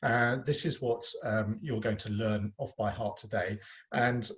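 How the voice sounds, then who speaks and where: A man's voice: lowish voice, a little slow, a bit bright. A man teaching a French lesson online, speaking to pupils in a patient, encouraging way with a touch of self-mocking humor.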